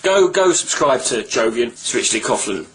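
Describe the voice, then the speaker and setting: A man telling a story in a casual vlog monologue, animated, rambling and swearing freely. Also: medium pitch, normal speed. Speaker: vlogger.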